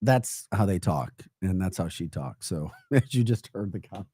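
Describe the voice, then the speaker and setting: A man's voice: sits low, lively intonation, normal speed, dark tone, husky, no room sound, studio quality. A man hosting a live political podcast, emphatic and mocking, often breaking into laughter while reacting to chat comments. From United States. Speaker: podcast host.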